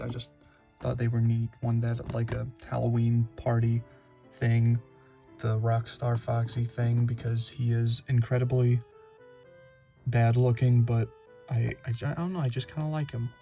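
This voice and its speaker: Give me a hesitant young man with a Southern accent and a gravelly edge, chatting through a bedroom tour. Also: medium pitch, a little mellow. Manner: rambling, hesitant, many fillers and restarts. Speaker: YouTuber giving a room tour. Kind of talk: casual rambling vlog.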